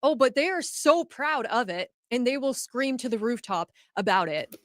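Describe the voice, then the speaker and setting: A woman comments on clips as co-host, sarcastic and dismissive. Her voice is fairly high and sounds dry and close. She talks casually to the other host. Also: expressive, moderate pace, dry recording.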